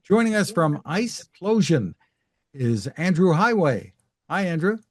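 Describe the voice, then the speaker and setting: A man hosting a tech show, asking brisk, upbeat questions. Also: sits high, very animated, no echo, clean studio sound. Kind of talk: interview hosting.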